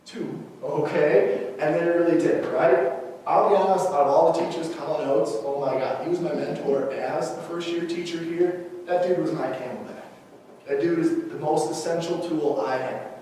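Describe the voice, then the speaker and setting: A young male teacher with a slightly high voice gives a personal talk to colleagues, telling stories with lively acted-out dialogue and frequently checking in with "okay?" He's recorded from far off in an echoey hall, with faint noise.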